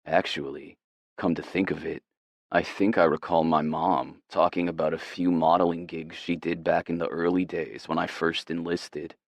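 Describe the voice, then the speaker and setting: A man narrating a romance audiobook in the first person, with a measured, unhurried reading. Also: low-pitched, little pitch movement, no echo.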